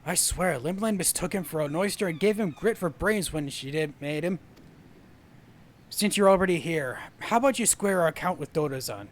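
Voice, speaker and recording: A man's voice: a little high, expressive, moderate pace, slight background noise, lightly acted. Stern ship's captain, formal and commanding, voiced by a man, game dialogue. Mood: apologetic. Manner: loud, indignant scolding.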